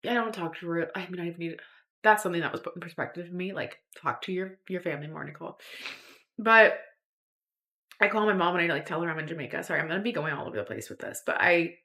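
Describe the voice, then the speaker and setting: A woman's voice: fairly low pitch, quick pace, bright, forceful tone. A young woman telling a personal story on her podcast, rambling with lots of fillers and restarts. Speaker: podcast host.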